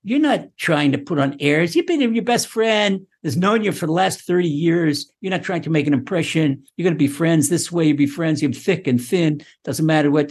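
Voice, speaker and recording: A man teaching a Torah class, animated, often repeating words and acting out the speech he quotes. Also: a little high, breathy edge.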